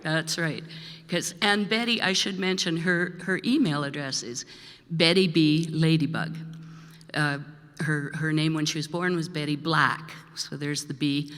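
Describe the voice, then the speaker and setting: A woman's voice: sits low, fairly even intonation, unhurried, a bit bright. An older woman from Manitoba, Canada, introducing her song to a live audience in a rambling storytelling way, laughing often. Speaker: singer-songwriter introducing a song. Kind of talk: chatty onstage song introduction. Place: live performance in a church hall. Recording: reverberant hall with faint music.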